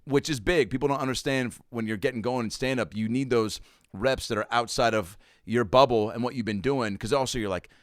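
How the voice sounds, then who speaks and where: Male comedian guest, lively storyteller, acts out the quotes, dry close mic. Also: fairly quick, no room sound. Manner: animated storyteller, acts out quotes with big pitch jumps. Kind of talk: casual storytelling chat.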